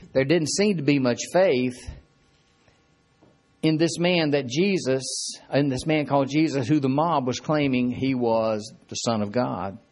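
A man's voice: a little high, a little mellow. A man preaching a sermon in a folksy, conversational way, his voice rising and dropping dramatically as he reads and retells scripture.

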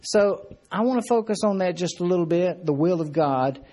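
A man's voice: high voice, lively intonation, moderate pace, dark tone. A man preaching a sermon in a folksy, conversational way, his voice rising and dropping dramatically as he reads and retells scripture.

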